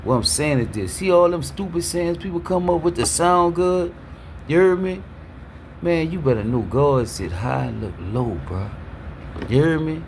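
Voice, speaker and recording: A man's voice: on the high side, animated, normal speed, darkish tone, slight background noise. Preachy man, repeating "you heard me". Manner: repeats "you heard me" constantly, stammers on restarts. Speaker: motivational speaker. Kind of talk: preachy street talk.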